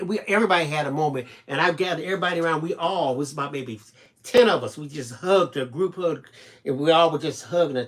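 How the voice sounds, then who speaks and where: Earnest storytelling man, fairly high voice. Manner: earnest storytelling, preacher-like emphasis. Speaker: live-stream craft show host. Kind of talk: casual live-stream chat.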